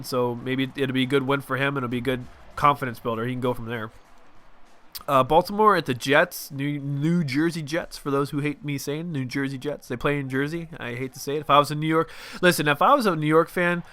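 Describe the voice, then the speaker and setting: Playing a football video game for his channel, a young host from Southern California chats loosely and readily vents about his team. His voice sits at medium pitch with a sharp, clean tone.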